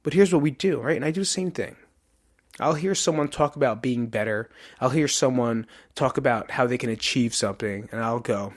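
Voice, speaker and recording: A man's voice: mid-range voice, moderate pace. Candid, profane male podcast host. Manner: candid, profane, self-questioning. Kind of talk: casual motivational podcast monologue. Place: in front of a camera.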